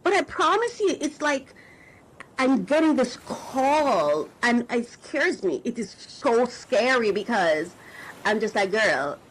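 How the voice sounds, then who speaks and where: A woman's voice: on the high side, lively intonation, slow, slightly rough, low-quality recording. A middle-aged woman hosting a podcast, talking in an emotional, searching way about faith, often restarting as she looks for words. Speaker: podcast host and coach. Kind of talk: reflective spiritual talk to listeners.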